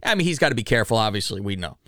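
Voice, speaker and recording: A man hosting a podcast, asking quick questions and throwing in jokes. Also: lowish voice, big pitch swings, a bit bright, dry recording, clean studio sound. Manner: joking interjections, quick questions. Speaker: podcast host. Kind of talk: casual podcast chat.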